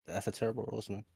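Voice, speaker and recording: Low-voiced teasing caller on a call. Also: male voice, creaky, darkish tone, husky, no room sound. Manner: teasing, drawling, hesitant. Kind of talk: casual chat over a voice call.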